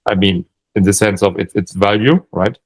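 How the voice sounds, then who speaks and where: A man with a German accent talks through sales-call advice in an easygoing chat. His voice sits fairly low, and he thinks aloud, often restarting his sentences. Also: normal speed, slightly rough, rough recording. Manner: thinking aloud, many restarts and hedging fillers. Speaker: sales coach. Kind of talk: casual coaching chat.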